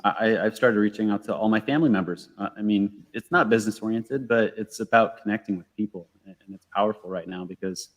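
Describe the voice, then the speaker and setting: Low-voiced male host in a reverberant room. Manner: thoughtful, halting, repeats words as he starts. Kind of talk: live video interview.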